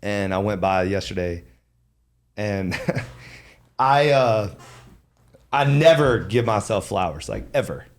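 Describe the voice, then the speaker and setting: A man with a fairly low voice hosts a casual podcast conversation. He speaks openly and reflectively, with loose swearing and plenty of filler words. The talk is unscripted and personal. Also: expressive, takes it slowly, long pauses. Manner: candid, profane, reflective. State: emotional. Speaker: podcast host. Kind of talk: casual interview chat.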